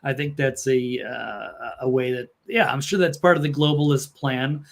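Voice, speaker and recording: A man's voice: mid-range voice, steady tone, moderate pace, creaky. A male guest in casual political chat on a talk show, speaking in a hesitant, matter-of-fact way with many fillers.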